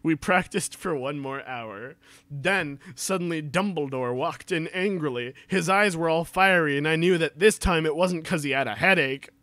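A man's voice: a little high, normal speed, bright, forceful tone, dry recording. A man reading a story aloud for laughs, breaking off for mocking asides and laughing a lot. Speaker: reader. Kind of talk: comedic dramatic reading with asides.

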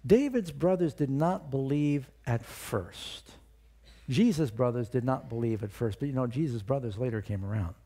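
A male pastor preaching a sermon, retelling a story with lively storytelling and questions for the congregation. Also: medium pitch, normal speed.

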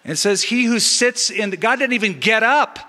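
A middle-aged pastor preaches with a bright, ringing voice pitched a touch above most men. He teaches in an animated way and slips in joking asides. His words carry a long reverb from the big church hall. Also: normal speed. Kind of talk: sermon. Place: large church sanctuary.

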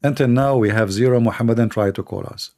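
A man with a non-native English accent hosting a call-in livestream, telling stories in a rambling, animated way. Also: mid-range voice, fast talker. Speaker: host of a call-in show. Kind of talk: casual livestream talk.

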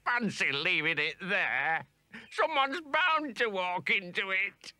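A man voicing a dim-witted, fawning male weasel henchman who is eager to agree and slow to understand, in a storybook audio play. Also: sits high, very animated, sharp tone, dry recording, full character voice. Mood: dopey.

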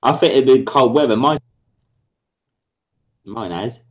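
A man's voice: medium pitch, a little slow. A man hosting a casual livestream chat, sweary and blustering, often repeating himself. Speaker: livestream host.

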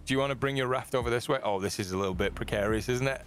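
A man's voice: mid-range voice, rapid-fire, slight background noise. A man hosting a casual co-op survival game session, teasing his friend and laughing often. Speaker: gaming channel host. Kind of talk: casual co-op gameplay chat.

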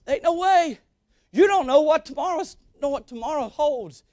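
Guy preaching hard, real high voice, dry close sound. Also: expressive, normal speed, no echo. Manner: emphatic, repeats lines, loud peaks. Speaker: guest preacher. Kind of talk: sermon. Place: church sanctuary.

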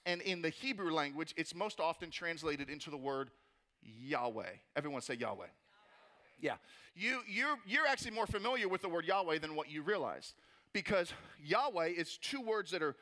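A man preaching a sermon as pastor, energetic, asking rhetorical questions and tossing in playful asides. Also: high-pitched.

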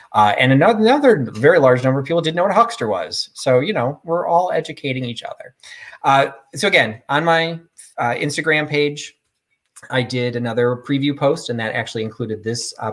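A man's voice: medium pitch, fairly bright tone. A middle-aged man hosts a live sale in a chatty, rambling, self-deprecating way. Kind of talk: casual live-stream selling.

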